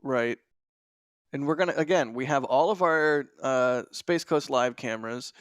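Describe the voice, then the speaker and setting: Smooth-voiced excited launch stream host. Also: male voice, mid-range voice, measured pace, no echo, clean studio sound. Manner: excited, chatty. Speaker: livestream host. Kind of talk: live launch commentary.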